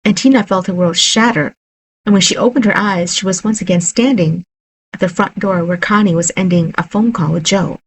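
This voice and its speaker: A woman narrating a horror story in a steady, unhurried reading voice. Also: mid-range voice, slight background noise, low-quality recording.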